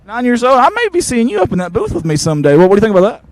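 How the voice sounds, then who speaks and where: A man, reporting from the sideline of a football field after a game and interviewing people with eager, warm praise. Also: very high voice, rapid-fire. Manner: excited, warm toward players, repeats "I'm gonna tell you something".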